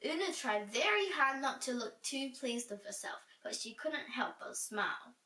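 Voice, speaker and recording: A woman reading a children's book aloud with expressive storytelling. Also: high voice, moderate pace. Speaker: storybook reader. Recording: roomy echo, distant from mic.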